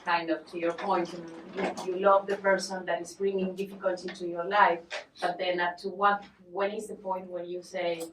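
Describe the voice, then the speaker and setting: A woman's voice: fairly low pitch, level tone, normal speed. A woman in the audience asking the teacher a question, hesitantly searching for her words. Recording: distant, echoey room with faint noise.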